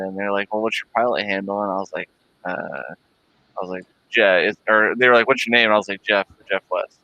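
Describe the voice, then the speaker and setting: A man's voice: fairly low pitch, sharp tone, clean tone, rough recording. A man hosting a casual livestream, rambling through a funny story with lots of "like" and frequent laughter. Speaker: livestream host.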